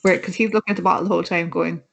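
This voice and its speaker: A woman on a casual film review podcast, speaking in a relaxed, matter-of-fact way. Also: fairly low pitch, racing, gravelly, a little hiss or hum.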